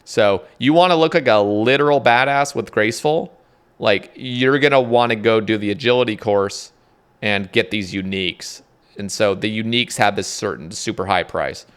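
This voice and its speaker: A young man rambling casually about game updates, excitable, swearing often, reading notes aloud. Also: fairly low pitch, moderate pace, clean tone. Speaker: gaming content creator.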